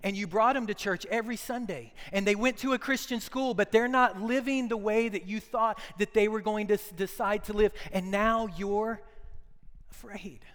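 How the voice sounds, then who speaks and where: Male pastor, high and clear voice, animated sermon storytelling, loud-to-hushed swings, church hall reverb.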